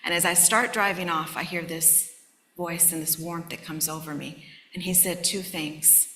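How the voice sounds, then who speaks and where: Recorded in an echoey, large conference hall, this woman in her fifties gives a candid personal testimony, near tears at moments. She has a lowish, pushed, bright voice, speaking at a moderate pace with fairly even intonation.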